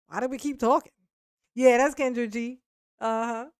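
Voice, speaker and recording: A woman's voice: fairly high pitch, fairly even intonation, moderate pace, a little mellow, clean tone, no room sound, clean studio sound. A woman giving blunt, profane reaction commentary, laughing often. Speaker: commentary host reacting to a clip.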